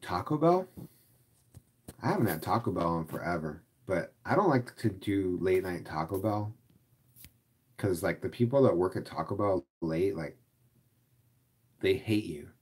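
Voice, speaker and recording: A man's voice: deep voice, animated, a little slow, long pauses, breathy edge. A man who drives for ride-share, chatting casually and rambling, filling his talk with "like" as he answers viewers. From Los Angeles area. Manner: rambling, heavy use of "like". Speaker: rideshare driver vlogger.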